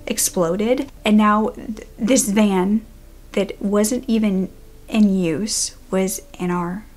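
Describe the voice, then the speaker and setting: A young woman vlogger tells a personal true-crime story straight to camera. Her voice sits at an ordinary middle pitch, and her delivery is chatty and animated, now and then sinking to a hushed whisper for the tense parts. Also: takes it slowly. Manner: animated, conversational, drops to a whisper for tense moments. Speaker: YouTuber.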